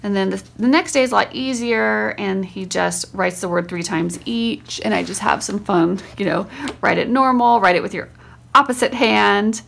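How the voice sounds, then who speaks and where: A woman's voice: medium pitch, moderate pace, gravelly, fairly bright tone, slight background noise. A woman, a homeschool teacher, casually demonstrating a spelling lesson and sounding out words syllable by syllable.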